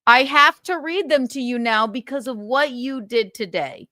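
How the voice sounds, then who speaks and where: A woman's voice: high voice, moderate pace, bright, forceful tone, no echo. A woman hosting a livestream, chatting indignantly about a feud, swearing often and reading out messages. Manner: indignant, swears a lot, reads out texts. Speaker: livestream host. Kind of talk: casual gossip chat.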